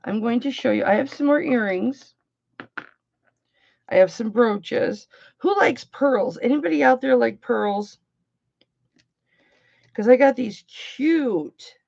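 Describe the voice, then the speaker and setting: A woman's voice: a little high, gravelly, a little mellow, highs cut off. A woman hosting an online jewelry auction, chatting casually and cracking bawdy jokes while she works. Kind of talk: casual livestream selling chat.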